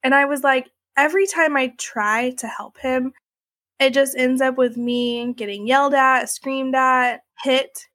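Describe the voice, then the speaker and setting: A woman's voice: high-pitched, steady tone, unhurried, fairly bright tone, no room sound. Woman recounting her story, chatty and unpolished. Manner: conversational, filler-heavy, many likes and you knows. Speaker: interviewee sharing her story. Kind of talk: candid personal storytelling.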